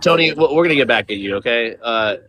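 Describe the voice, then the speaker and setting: A man's voice: mid-range voice, lively intonation, fast, noisy background. A man with a surfer-style English accent, Spanish his first language, hosting a casual online panel debate with lots of fillers and restarts. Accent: Californian surfer-style English. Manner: loose, talkative, full of fillers and restarts. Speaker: panel host.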